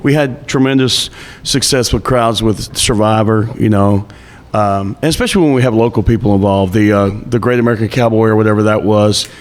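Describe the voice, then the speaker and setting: A man who runs a bar venue chatting as a guest, upbeat and quick to laugh. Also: lowish voice, long reverb tail. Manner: enthusiastic, laughs easily. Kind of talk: casual chat.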